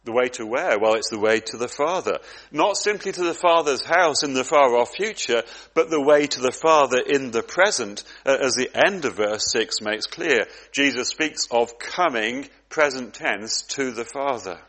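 A man's voice: mid-range voice, lively intonation, moderate pace, hardly any pauses, fairly bright tone. A man preaching a sermon, earnest and reflective, often repeating words as he goes.

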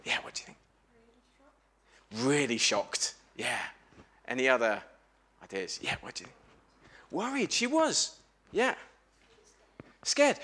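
A man giving a lively family sermon in church, telling a story and asking the congregation questions. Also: medium pitch, slightly rough. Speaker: preacher at a family service. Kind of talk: lively all-age sermon with questions to children.

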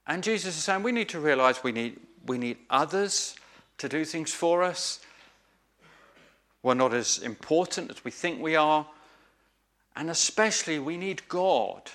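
Male preacher, sermon delivery, unhurried pace, slightly high, bright tone, earnest and emphatic. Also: expressive. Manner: earnest, emphatic, with repeated phrases and small restarts.

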